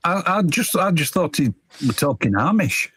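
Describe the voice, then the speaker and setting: A man, co-hosting a casual podcast, who talks haltingly and restarts his sentences. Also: fairly high pitch, big pitch swings, a bit bright, slightly rough. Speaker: podcast co-host. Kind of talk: casual chat.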